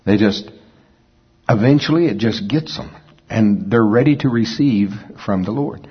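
A man delivers a sermon in a low, husky voice. His preaching is folksy and conversational, full of quick asides to the congregation. The recording is dull and lo-fi. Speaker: pastor.

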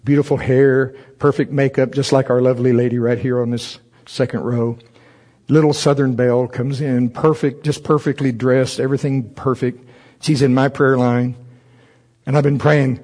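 Male preacher, husky voice, comic storyteller, chuckles often, loud high bursts when acting out his thoughts. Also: level tone, normal speed. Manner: chuckles often while telling stories. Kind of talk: humorous storytelling sermon.

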